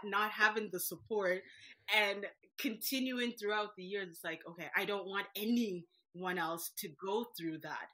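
A woman in her thirties from Jamaica, a business owner talking as a guest in a casual interview, lively and laughing often. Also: on the low side.

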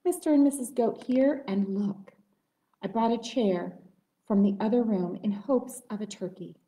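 A woman's voice: medium pitch, measured pace, dark tone, recorded from a distance, natural voice. Woman doing a gracious motherly moose hostess. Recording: roomy echoey room.

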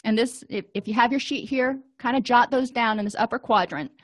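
A middle-aged woman counselor giving a calm, explanatory lecture and walking listeners through exercises. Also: a little high, a little fast, dry recording, studio quality. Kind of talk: recorded lecture.

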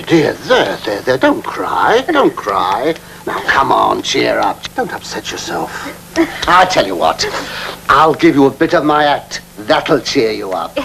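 A cheeky, fussy music-hall comic. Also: male voice, fairly high pitch, gravelly, fairly bright tone, slight background noise, full character voice. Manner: cheeky, camp asides and mock-dramatic recitation. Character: fussy bumbling middle-aged male music-hall performer. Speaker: comic entertainer. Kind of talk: 1970s film comedy acting.

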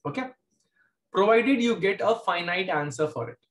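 A man's voice: high voice, lively intonation, normal speed, fairly bright tone, echoey room. A man teaching a math class with an Indian English accent, explaining step by step and repeating key points. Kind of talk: classroom lecture.

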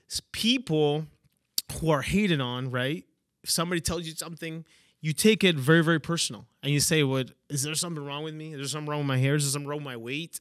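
A man with a slightly raised pitch delivers a motivational talk as a podcast host. He leans into key phrases and keeps checking in with his listeners. The recording is dry and close, with no room around the voice. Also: fairly bright tone, no echo. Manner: emphatic, repeats "okay?" and "right?" for emphasis. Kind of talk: motivational monologue.

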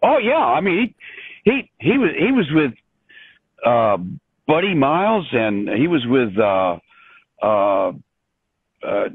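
An older man, a composer, telling stories in an interview with many restarts and an animated, rambling manner over a remote call. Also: medium pitch, slow, pauses often, breathy edge, no echo. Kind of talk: storytelling in an interview. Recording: dry tinny phone-like line.

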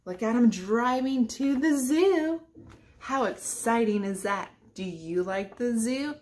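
A woman from a church reading a rhyming picture book aloud to children in a gentle sing-song voice, going soft near the end. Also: fairly high pitch, lively intonation, slow pace.

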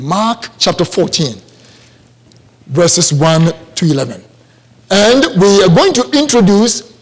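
A man's voice: high voice, husky. A male preacher with an African accent giving a sermon in a church service, repeating phrases for emphasis and checking in with the congregation.

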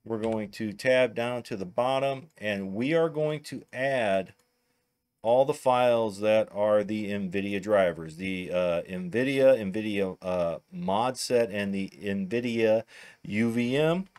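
Speaking slowly in a fairly low, darkish voice, a Midwestern American man hosts a tech tutorial. He casually talks through every step as he works in a narrated screen recording.

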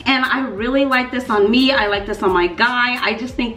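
Lively woman chatting about perfumes, kinda high voice, room echo. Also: normal speed, hardly any pauses. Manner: animated, playful, emphatic repetition. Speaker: fragrance reviewer. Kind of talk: casual vlog review. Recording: echoey room.

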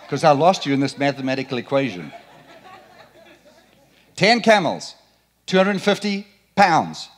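A middle-aged man preaching in a church with a lively, bouncing voice that swings up and down. He sits a little high for a man. He keeps it playful, throwing questions at his listeners. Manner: animated, playful, quizzes the congregation. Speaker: pastor. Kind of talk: sermon. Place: church sanctuary.

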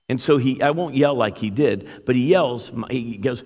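A man preaching a sermon as a guest speaker, telling a story with lively animation. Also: medium pitch, brisk, hardly any pauses. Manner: animated storyteller, shouts when acting out quotes. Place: church sanctuary. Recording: long hall reverb.

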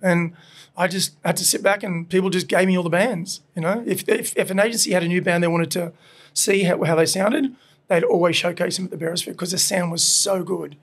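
Gravelly high-voiced Australian man, storytelling. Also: brisk. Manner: animated, swearing, laughs often, acts out voices in anecdotes. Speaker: podcast guest, burger restaurant owner. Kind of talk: casual storytelling chat. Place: his burger restaurant.

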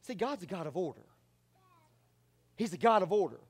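Animated high-pitched preacher man. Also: moderate pace, breathy edge. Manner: animated, swings from quiet asides to loud shouts. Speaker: pastor. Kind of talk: sermon.

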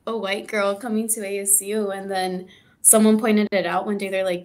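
A woman's voice: mid-range voice, level tone, normal speed, darkish tone. A woman who is a guest in a casual chat, speaking bluntly, laughing easily and swearing.

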